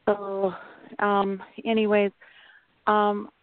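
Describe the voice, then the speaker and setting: A woman's voice: mid-range voice, completely flat delivery, very slow, no echo. A Midwestern American woman in her forties from Wisconsin, calling in to a radio show, talking in a hesitant, rambling way full of fillers and restarts. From Wisconsin, USA. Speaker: caller. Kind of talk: radio call-in. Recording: dry, tinny phone line.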